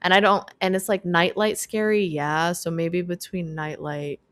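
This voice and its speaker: A young woman on the low side of the pitch range talks a bit slowly with fairly even intonation. As a podcast co-host in casual conversation, she thinks aloud and often starts her sentences over.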